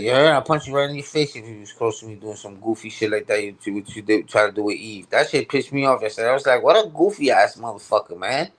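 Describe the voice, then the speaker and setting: A man's voice: medium pitch, fairly bright tone. Male streamer, heated slangy rant, repetitive, mid-range voice. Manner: heated, repetitive, slangy, keeps asking "you heard?". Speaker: live streamer. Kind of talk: casual live-stream rant.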